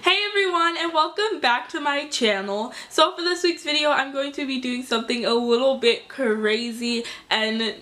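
A woman's voice: on the high side, a bit bright. A woman vlogger chatting casually to her viewers in a rambling, filler-heavy way. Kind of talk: casual vlog intro.

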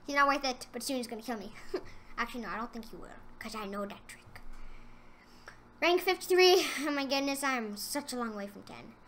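A high-pitched woman commentating her own gameplay in a bright, sharp voice. She gets excitable and trash-talks the other players, then slips into quiet mumbled asides. It sounds like a casual gaming channel video. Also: brisk, slight background noise.

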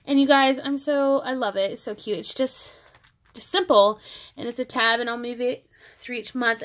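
A woman with a fairly high voice, talking in a relaxed show-and-tell way about her planner. She rambles, backs up and breaks off mid-sentence in a chatty manner. She sounds like she is sitting at a desk with a camera mic. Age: adult parent. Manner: chatty, rambling, self-interrupting. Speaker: planner vlogger. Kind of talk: casual show-and-tell chat.

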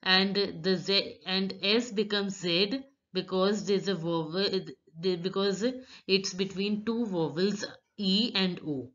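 Slow, bright-voiced woman teaching pronunciation. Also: mid-range voice, steady tone. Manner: reads French words slowly, then explains each sound carefully. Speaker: French teacher. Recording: dull lo-fi recording.

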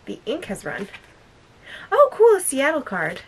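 Gushing woman, lively voice. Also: high-pitched, a little slow. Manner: gushing, excitable, chatty. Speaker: vlogger opening a gift. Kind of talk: casual unboxing vlog. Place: dim room at home. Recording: noisy home recording.

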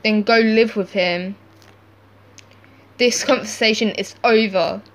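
A woman reading chat stories aloud, acting out each texter with lively shifts in tone. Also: mid-range voice, takes it slowly. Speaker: channel host reading text stories.

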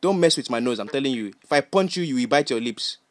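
A man playing a bossy, scolding Nigerian uncle who fires off rapid, repetitive insults in comic banter. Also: medium pitch, animated, close to an everyday voice. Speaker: comedy character.

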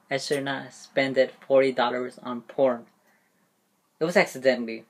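A man's voice: mid-range voice, fairly even intonation, normal speed. A man ranting casually to camera as a vlogger, swearing freely and laughing often. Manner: profane, indignant, laughs often. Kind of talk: casual vlog rant.

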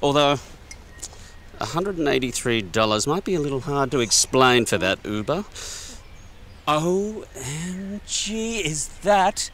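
An actor with an Australian accent playing an eager, chatty grown son who gushes and laughs often, in a TV comedy-drama. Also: male voice, a little high, sing-song, slow pace, a bit bright, slight background noise, heavily acted. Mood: gushing. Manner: bubbly, gushing, laughs often. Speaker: adult son arriving at a family dinner.

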